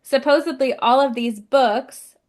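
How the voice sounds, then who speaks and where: A woman's voice: high voice, measured pace, a little mellow. A young adult woman co-hosting a podcast, chatting casually, laughing often and swearing freely. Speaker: podcast co-host. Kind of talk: casual chat.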